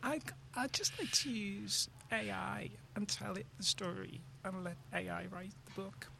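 A woman talks casually in a strongly gravelly, fry-heavy voice. A faint noise sits behind her. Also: medium pitch, a little slow, pushed and bright. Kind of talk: casual chat.

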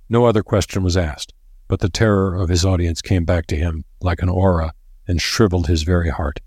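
Male narrator, measured dramatic reading, husky voice, dry close sound. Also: low voice, fairly even intonation, a little mellow, dry recording. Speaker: audiobook narrator. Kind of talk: scripted narration of a novel.

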